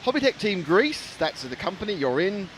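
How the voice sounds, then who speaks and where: A man's voice: high voice, sing-song, normal speed, fairly bright tone, slight background noise. A man, chatting and joking as a live racing stream commentator. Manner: chatty, jokey, rambling.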